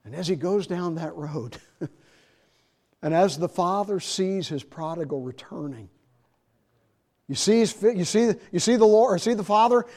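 A middle-aged man preaches from the pulpit in a voice pitched fairly high for a man. He tells stories in a low, confiding tone, then climbs into loud, ringing emphasis before settling back down. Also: expressive, a little slow, long pauses. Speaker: pastor. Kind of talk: sermon.

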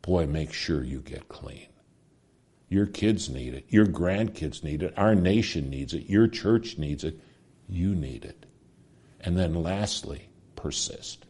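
A middle-aged man delivers a sermon in a very deep, husky voice. His tone is dark and mellow, and he swings from raised emphasis down to near-whispers to drive points home. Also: lively intonation, takes it slowly. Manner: dramatic preaching, drops to a hush for emphasis. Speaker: preacher.

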